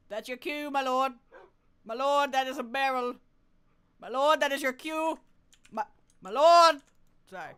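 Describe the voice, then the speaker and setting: Bright-voiced playful streamer. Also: high voice, animated, normal speed, smooth. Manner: playful mock-deference, laughs often. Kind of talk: live gameplay commentary.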